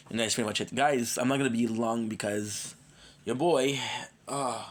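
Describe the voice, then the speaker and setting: This gaming streamer has a lowish, steady, slightly bright male voice at a normal speed, with a little hiss or hum in the background. Tired and coming down with a cold, he rambles playfully in casual chat with viewers he calls by name, sprinkling in foreign words.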